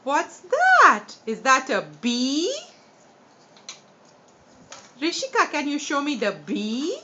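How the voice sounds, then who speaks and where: A woman's voice: high voice, sing-song, slow, bright, forceful tone, a little hiss or hum. A woman teaching small children at home, sing-song and patient, repeating her questions and making animal sounds, filmed on a phone. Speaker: parent teaching young children. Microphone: phone camera. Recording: muffled phone video recording.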